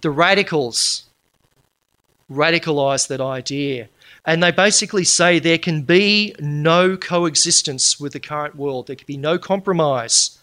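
A man's voice: fairly high pitch, unhurried, bright, forceful tone. A man giving a lecture to a live audience, emphatic and dropping wry humorous asides. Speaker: public speaker.

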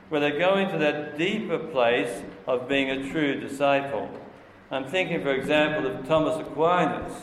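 A man's voice: a little high, slight background noise. Earnest man preaching in an echoing hall. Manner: earnest, emphatic, slows and stresses key words. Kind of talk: sermon. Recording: echoey hall with long reverb, faint ambience.

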